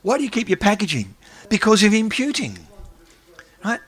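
A man, an academic, giving a lively lecture and taking questions from the audience. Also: sits high, normal speed, breathy edge. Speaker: academic speaker.

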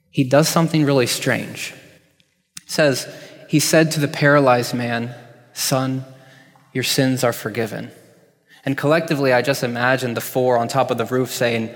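A man preaching a sermon as pastor, conversational and reflective, pausing with ums. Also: medium pitch, steady tone. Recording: hall with long reverb.

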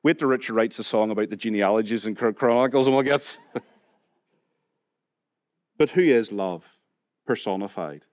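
A man's voice: on the low side, moderate pace, long pauses, darkish tone, dry recording. A man with a Northern Irish accent preaching a sermon in a conversational way, putting questions to the congregation and joking now and then. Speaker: pastor. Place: church hall.

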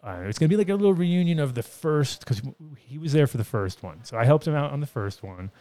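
A man's voice: mid-range voice, animated, fast, warm tone. A man hosting a casual talk show, loose and profane, often laughing as he chats. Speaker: host. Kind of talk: casual chat.

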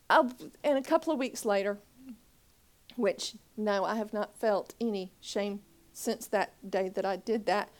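A woman minister giving a personal testimony, swinging from loud pleading to near whispers and acting out her own past words. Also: steady tone, takes it slowly, slight background noise. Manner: acts out her own past dialogue in a higher voice.

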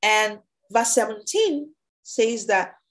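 A woman teaching a Bible study, reading scripture aloud and explaining it in a loose, halting, conversational way. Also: a little high, animated, rough recording.

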